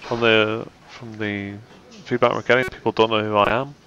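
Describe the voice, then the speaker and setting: A man's voice: lowish voice, level tone, moderate pace, crowd noise. A man co-commentating live snooker, mixing shot analysis with dry, joking asides. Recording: dull, slightly muffled sound.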